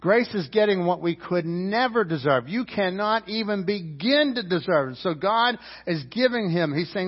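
A man preaching a sermon as pastor, emphatic, swinging from loud climbs to low quiet drops. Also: lively intonation, normal speed. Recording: roomy church hall, dull lo-fi sound.

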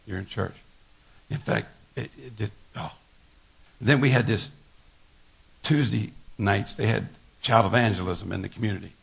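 A man's voice: lowish voice, moderate pace, creaky, husky. An older man, a pastor, giving a folksy sermon full of stories, laughter and repeated words. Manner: folksy storytelling with laughter and repetitions.

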